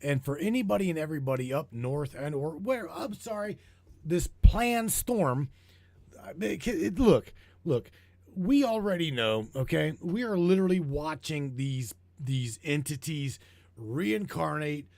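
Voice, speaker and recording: Hoarse guy ranting on his show, swears a lot, kinda high voice. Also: lively intonation, a little slow, a little mellow, no room sound. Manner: heated, profane, repeats himself. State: getting hoarse. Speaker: broadcast host. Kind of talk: rambling conspiracy talk show.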